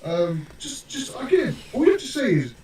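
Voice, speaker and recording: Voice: high-pitched, huge pitch swings, normal speed, recorded from a distance, crowd noise. A streamer coaxing a friend in casual banter, repeating himself and laughing. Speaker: streamer co-host. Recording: echoey room with loud noise.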